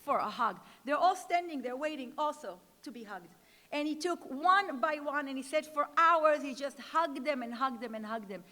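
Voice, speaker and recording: A woman's voice: sits high, animated, normal speed, sharp tone. A woman giving an inspirational speech at a gala, telling stories and repeating key words for emphasis. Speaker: speaker at an education gala. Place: large event hall. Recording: long hall reverb.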